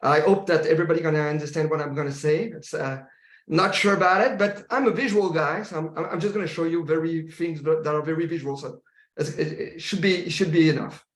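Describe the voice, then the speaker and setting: A man from France with a French accent presenting a product demo on a video call, talking haltingly with many fillers and restarts. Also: a little high, steady tone, echoey room. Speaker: company founder presenting a demo.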